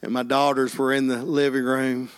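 A man's voice: medium pitch, level tone, moderate pace. A middle-aged man, preaching a sermon with personal testimony and peppering it with amens and hallelujahs.

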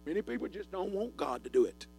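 An older man with a Southern US accent preaching a sermon in a folksy storytelling manner that builds into fervent shouting. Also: sits high, very animated, fast talker, creaky, faint music behind. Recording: long hall reverb.

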